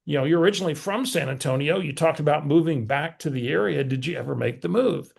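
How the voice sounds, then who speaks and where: A man voicing a friendly, chatty woman caller who asks curious questions, quoted in a drawn-out, sing-song way. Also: a little high, creaky, a little mellow, breathy edge, exaggerated voice.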